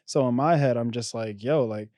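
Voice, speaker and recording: A man's voice: mid-range voice, moderate pace, dark tone, dry recording, studio quality. A man co-hosting a podcast, reacting to news stories with casual, slangy banter. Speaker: podcast co-host. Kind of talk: casual chat.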